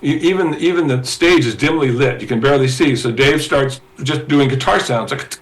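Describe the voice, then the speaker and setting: A man telling a story as a guitarist guest in an interview, animated, with restarts and fillers. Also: mid-range voice, normal speed, rough recording. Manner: animated storyteller, acting out quoted voices.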